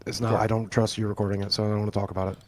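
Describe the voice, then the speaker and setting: Sick stressed guy on a podcast, low voice, talks fast, kinda whiny. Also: level tone. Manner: defensive, hesitant, self-pitying. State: ill and stressed. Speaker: podcast guest. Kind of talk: casual podcast chat.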